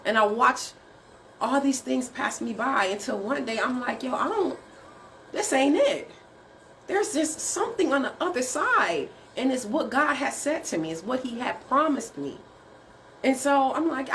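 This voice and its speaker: Lively, high-pitched woman preaching encouragement. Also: measured pace, slight background noise. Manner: preachy and encouraging, with rhetorical questions. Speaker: writing coach. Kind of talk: faith-based motivational talk.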